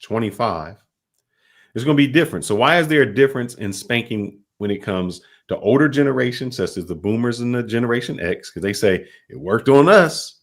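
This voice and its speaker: A man hosting a podcast interview, asking long, halting, rambling questions. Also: medium pitch, expressive. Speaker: podcast host.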